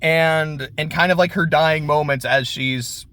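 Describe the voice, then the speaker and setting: A man's voice: a little high, fairly even intonation, pushed and bright, no echo. A man casually recapping an anime episode, swearing and briefly acting out the characters. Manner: laid-back, swears, acts out characters in quick voices. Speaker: anime reviewer. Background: lawnmower.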